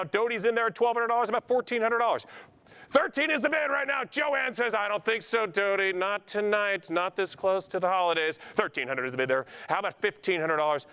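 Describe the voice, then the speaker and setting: A man's voice: sits high, a bit bright, clean tone. A man running a charity auction, calling out bids and coaxing named bidders with nonstop talkative banter. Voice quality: talkative, gift of gab. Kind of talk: live charity auction patter.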